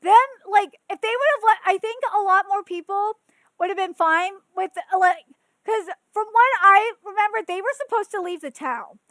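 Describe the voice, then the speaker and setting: Woman, thirties, podcast host, very high voice, casual exasperated rant, lots of "like" and swearing. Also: moderate pace, no echo. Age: 30s. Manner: animated, exasperated, filler-heavy with frequent "like" and swearing. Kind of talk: casual ranting commentary.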